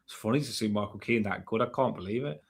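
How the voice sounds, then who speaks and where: A man co-hosting a football fan podcast, excitable and hyping himself up in casual chat. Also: fairly low pitch, fast talker, creaky, husky. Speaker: podcast co-host.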